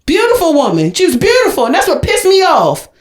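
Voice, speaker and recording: A young adult woman co-hosting a podcast, ranting loudly and profanely in an overdramatic comedic tirade. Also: very high voice, wildly swooping pitch, brisk. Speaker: podcast co-host. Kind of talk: comedic rant. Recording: roomy echo.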